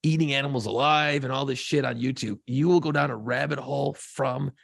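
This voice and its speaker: A man co-hosting a podcast, telling a profane, excitable story in casual chat. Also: mid-range voice, a little fast, dry recording, studio quality. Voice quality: gravelly, husky voice. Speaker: podcast co-host.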